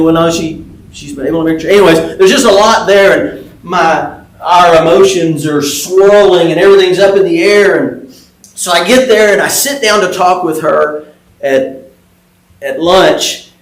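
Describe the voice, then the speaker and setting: Conversational middle-aged male pastor, echoey sanctuary. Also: on the high side. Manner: conversational, frequent fillers and restarts. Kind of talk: sermon with personal story. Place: church sanctuary.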